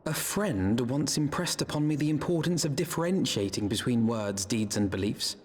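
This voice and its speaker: A husky scholarly young mage. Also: male voice, medium pitch, expressive, normal speed. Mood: thoughtful. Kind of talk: video game voice acting. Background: game music.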